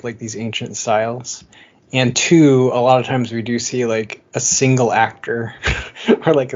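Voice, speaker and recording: A man's voice: mid-range voice, lo-fi sound. A man co-hosting a podcast in casual chat, talkative, laughing often and filling his speech with "like". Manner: chatty, laughs often, lots of "like" fillers. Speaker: podcast co-host.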